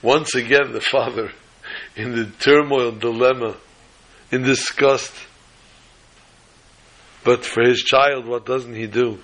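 Bright-voiced animated male preacher. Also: mid-range voice, takes it slowly, long pauses, low-quality recording. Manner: animated, chuckling, quotes Hebrew sources. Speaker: Torah teacher. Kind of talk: sermon with storytelling.

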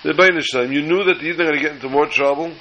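A rabbi teaching on the weekly Torah portion gives an online class, telling a story in English sprinkled with Hebrew and Yiddish words. His fairly high voice is racing, bright, and forceful, on lo-fi audio with slight background noise.

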